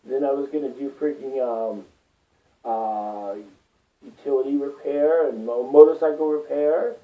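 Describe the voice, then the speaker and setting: A vlogger with a medium-pitched voice rambles unhurriedly through a personal monologue, swearing often and growing worked up as he goes. The audio sounds distant and tinny, like a phone.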